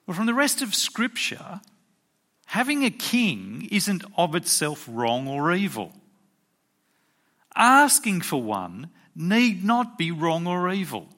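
Animated, bright-voiced preacher man. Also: high voice, takes it slowly. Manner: rhetorical questions to the congregation, emphatic. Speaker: pastor. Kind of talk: sermon.

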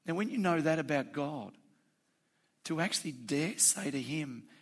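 A man's voice: fairly high pitch, expressive, a little slow. A male pastor preaching a sermon, talking in a plain, conversational way that builds into fervent emphasis.

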